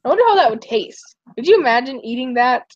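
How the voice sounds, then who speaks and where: Young woman rambling and giggling on stream, kinda high voice, dry dull audio. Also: animated, fast, no room sound. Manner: rambling, giggly, tells stories with acted quotes. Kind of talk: casual chat.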